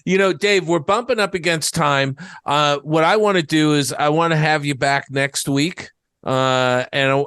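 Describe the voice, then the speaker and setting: Male podcast host, crisp dry sound. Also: on the high side, a bit bright, no room sound. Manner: affirming, sums up the guest's stories. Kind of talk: interview.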